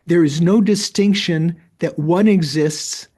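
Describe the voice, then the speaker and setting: A man teaching a Buddhist philosophy class, reading passages aloud and explaining them with halting restarts. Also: on the high side, darkish tone, husky. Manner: halting, repeats words when restarting.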